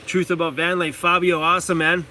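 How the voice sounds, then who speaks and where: A man's voice: on the high side, flat delivery, brisk, bright, forceful tone, slight background noise. A man hosting a casual livestream from inside his van, reading out viewer comments, laughing often and talking to his dog. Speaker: van-life channel host.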